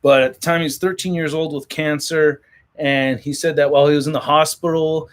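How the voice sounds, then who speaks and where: A man's voice: on the high side, steady tone, brisk. A man hosting a casual livestream, reading viewer comments and joking in a rambling, profane way. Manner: rambling, profane, jokey, many restarts. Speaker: toy collector channel host.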